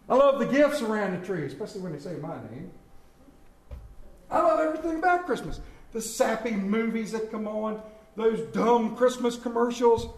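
A man preaches to his congregation, folksy and conversational, then rising into loud calls. His voice sits unusually high. The sound carries the echo of a large church room. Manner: folksy, preaching with big swings between loud calls and quiet asides. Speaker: pastor. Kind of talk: Easter sermon. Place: church sanctuary.

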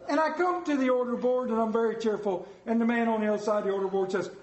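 Guy preaching, kinda high-pitched, lively funny anecdotes, roomy echo. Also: fast talker, dull audio. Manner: animated, playful, mimics voices in anecdotes. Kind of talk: storytelling sermon. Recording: echoey room.

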